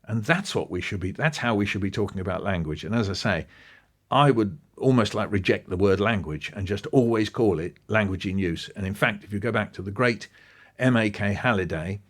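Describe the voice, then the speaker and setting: A man, an interview guest talking with lively enthusiasm and acting out bits of what he describes. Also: on the low side, a little fast. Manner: animated, quoting and acting out passages. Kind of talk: podcast interview.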